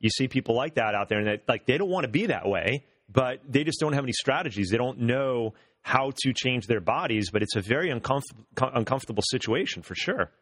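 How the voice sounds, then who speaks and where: A man's voice: mid-range voice, expressive, fairly quick, few pauses, fairly bright tone, dry recording, clean studio sound. A man hosting a casual health interview, upbeat and encouraging, repeating words as he talks. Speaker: host.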